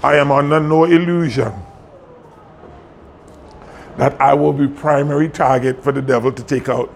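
A man's voice: mid-range voice, fairly even intonation, normal speed, creaky, a little hiss or hum. A pastor in his sixties preaching a sermon, talking plainly and joking with his congregation while in pain. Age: 60s. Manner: conversational, jokes with the congregation. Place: church sanctuary.

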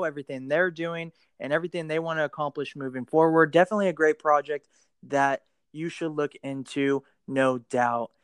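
A man with an American accent hosting a casual podcast interview, friendly and quick to laugh, with plenty of fillers. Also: a little high, a bit bright, clean tone, no echo. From United States. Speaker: podcast host.

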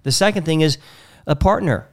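Blunt, animated man in casual chat. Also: fairly high pitch, moderate pace. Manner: animated, blunt, acts out quotes.

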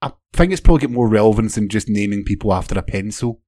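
Low, dry-voiced man on a podcast. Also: lively intonation, fast, mellow, dry recording. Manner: dry, joking, tells theories at length. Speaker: podcast co-host. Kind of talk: casual chat.

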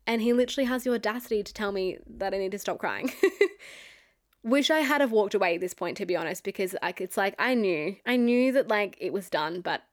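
A woman's voice: medium pitch, brisk. A young woman telling a personal story to camera in a candid, chatty way, with lots of "like" and some swearing. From Australia. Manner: chatty and candid, heavy use of "like", frequent swearing. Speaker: vlogger. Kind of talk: storytime monologue.

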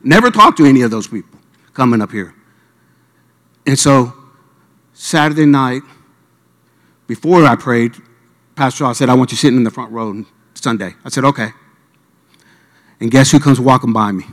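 A man's voice: mid-range voice, normal speed, pauses often, fairly bright tone. A man from Miami preaching a sermon, telling stories animatedly and acting out the voices of the people in them. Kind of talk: sermon storytelling. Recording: reverberant hall.

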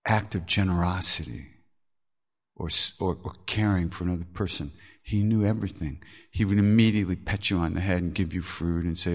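A man's voice: low-pitched, a little fast. A man hosting a podcast, telling spiritual stories in a frank, earthy way, swearing and laughing at himself. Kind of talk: candid storytelling talk.

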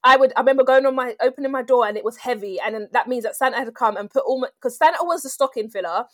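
Woman, 20s, excitable chatty co-host, dry close sound. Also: sits high, dry recording. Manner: excitable, chatty, quick reactions. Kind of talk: casual chat.

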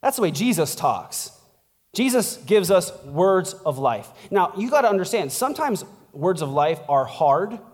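A man's voice: high voice, very animated, measured pace, long reverb tail. A man preaching as a pastor in a casual, conversational sermon, chatty and laughing, tossing in "like" and "right?" as he goes. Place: church.

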